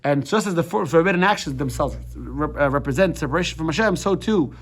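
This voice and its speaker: American guy teaching a lesson, kinda high voice, loose and chatty, keeps checking "right?". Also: animated, quick pace. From United States. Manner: conversational, repeats words and restarts, asks the room "right?". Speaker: rabbi teaching a class. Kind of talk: casual classroom lesson.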